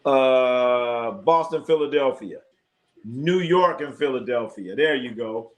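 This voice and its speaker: Man, sports livestream host, casual chat, jokey, animated, mid-pitched voice. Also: unhurried. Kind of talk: casual live chat commentary.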